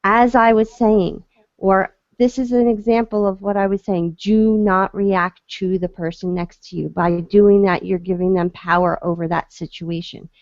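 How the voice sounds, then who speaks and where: A woman's voice: medium pitch, fairly even intonation, normal speed, hardly any pauses, darkish tone, no room sound, dull audio. Earnest woman telling a story. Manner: earnest, with frequent restarts. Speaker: guest speaker, court advocate. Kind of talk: casual storytelling talk.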